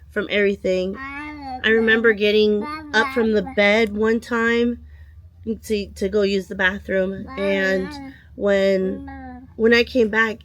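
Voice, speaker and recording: A woman with a slightly nasal voice from a cold, talking casually as a vlogger and telling a story with many pauses and restarts. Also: medium pitch, dull audio. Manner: hesitant, restarts and trails off. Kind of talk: casual chat.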